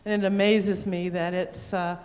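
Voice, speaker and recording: A woman delegate giving an earnest spoken testimonial, measured and matter-of-fact as she describes what she has observed. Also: lowish voice, little pitch movement, darkish tone. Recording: long hall reverb.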